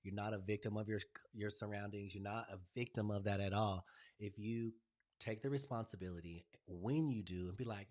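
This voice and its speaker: A man runs his own live stream, sharing stories and delivering a spiritual pep talk. Animated and affectionate, he addresses viewers as y'all and baby, his voice swinging from loud excitement to a soft hush. It sits on the low side and moves fairly quickly.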